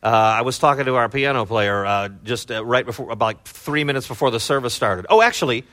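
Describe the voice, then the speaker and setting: Animated middle-aged pastor, bright voice. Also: male voice, fairly quick. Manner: animated, swings from low asides to loud excited bursts; loose, chatty delivery with many fillers. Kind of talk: conversational sermon.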